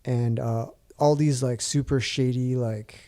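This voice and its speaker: This is a man in his forties with a warm, mellow tone, chatting as a podcast guest. He tells his story loosely, full of fillers and restarts, at an even middle pitch. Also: measured pace. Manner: rambling, many restarts and fillers. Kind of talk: casual storytelling chat.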